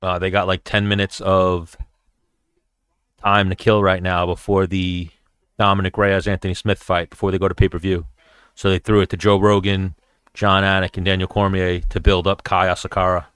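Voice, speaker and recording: A man's voice: deep voice, little pitch movement, moderate pace, a bit bright, clean tone, no echo. A man hosting his show, chatting casually and profanely as he reacts and tells stories. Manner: profane, storytelling. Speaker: show host.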